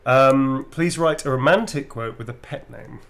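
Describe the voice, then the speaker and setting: A man's voice: medium pitch, measured pace, gravelly, a bit bright. A middle-aged British man chatting casually during a livestream autograph signing, laughing often and swearing freely as he tells stories. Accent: British English. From Britain.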